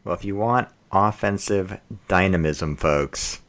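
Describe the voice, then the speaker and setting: Brief: male host, low voice, dry teasing links between topics. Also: unhurried, a bit bright. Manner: dry, teasing, steering the discussion. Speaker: podcast host. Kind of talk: casual football podcast chat.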